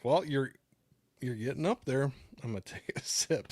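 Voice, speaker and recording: A middle-aged man hosts a relaxed livestream from home and speaks at a mid-range pitch. He rambles through his thoughts, thanks viewers and reads their chat aloud. The close microphone sounds dry, with no room echo. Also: normal speed, husky. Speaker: livestream host. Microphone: new desktop microphone.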